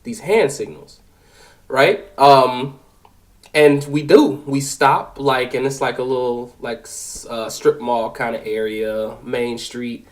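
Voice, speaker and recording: A young man in his twenties telling a personal story, animated and profane, with lots of fillers. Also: mid-range voice, slow, low-quality recording. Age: 20s. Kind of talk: casual spoken storytelling.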